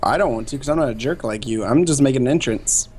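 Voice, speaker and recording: A man's voice: medium pitch, quick pace, darkish tone, slightly rough. A young man playing a game with a friend, teasing him playfully and bursting into mock outrage. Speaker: co-player, guest. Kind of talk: casual gaming chat.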